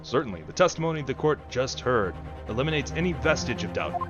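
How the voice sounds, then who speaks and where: A man voicing a solemn older male judge who speaks slowly and gravely, over game music. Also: mid-range voice, lively intonation, lo-fi sound, natural voice. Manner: slow, solemn.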